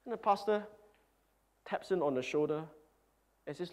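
A man's voice: on the high side, moderate pace, long pauses. A man preaching a sermon as pastor, speaking earnestly and emphatically, with repeated phrases.

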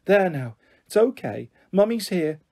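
A man voicing a worried, protective mother in a storybook reading, anxious and quick to take offence on her child's behalf. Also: sits high, very animated, gravelly, darkish tone, voice pushed up, full character voice. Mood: soothing. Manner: anxious and indignant. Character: worried, protective mother, middle-aged woman.

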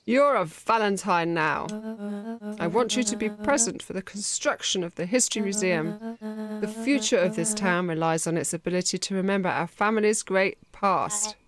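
A woman reading a haughty, commanding rich heiress mother, slow and clipped, over game music. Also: mid-range voice, dry recording, lightly acted. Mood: stern.

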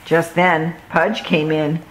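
Woman, children's story reader, slow, expressive, lowish voice. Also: a little hiss or hum, low-quality recording. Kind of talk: storybook read-aloud.

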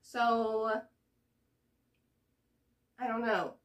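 Slow-talking woman vlogger, high voice. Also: fairly even intonation. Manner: thinks aloud, hesitant with fillers. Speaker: reaction video host. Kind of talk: casual chat to camera.

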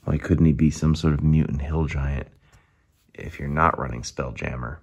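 Guy with a super deep husky voice gushing over minis, goes all quiet and hushed sometimes. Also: fairly even intonation, normal speed, highs cut off. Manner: enthusiastic, drops to hushed asides. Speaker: miniatures reviewer. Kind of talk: casual product review.

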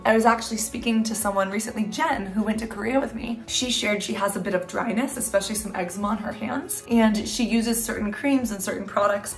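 A woman chatting her way through a skincare routine on camera, her voice sitting at an everyday middle pitch. She rambles freely and sounds worn out and a little loopy. Soft music plays faintly underneath. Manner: chatty, rambling, tired and loopy late at night. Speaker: skincare creator. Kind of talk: casual talking-to-camera skincare vlog.

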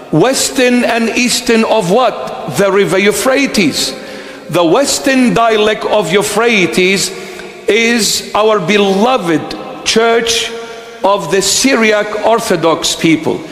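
A man preaching a sermon as a bishop, whose first language is Aramaic, speaking slowly and repeating phrases for emphasis in a church. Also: high-pitched, animated, fairly bright tone. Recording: echoey church hall.

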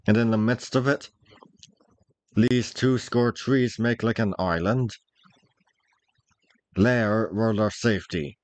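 A man reading as a gruff young squire. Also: on the low side, no echo. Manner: old-fashioned speech, gruff and commanding. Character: rough-spoken young male squire, bold. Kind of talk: storybook reading.

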